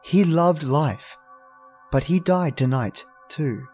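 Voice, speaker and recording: A man voicing a cold, scornful young woman who accuses her lover in a dark storybook narration. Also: sits low, takes it slowly, soft background music, pitched above the performer's own voice. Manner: accusing, repetitive.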